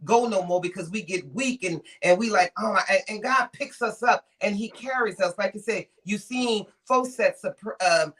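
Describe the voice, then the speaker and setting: A woman guest giving preaching-style spiritual encouragement, emphatic and repetitive, moving between hushed and loud delivery. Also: medium pitch, normal speed, few pauses.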